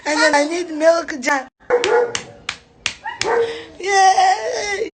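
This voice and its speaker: A woman's voice: extremely high pitch, drawn-out words, background noise. Ghanaian woman mock-crying with her kids. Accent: Ghanaian English. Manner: mock-crying, laughing, playful teasing. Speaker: mother vlogging with her sons. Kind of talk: casual family vlog. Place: car.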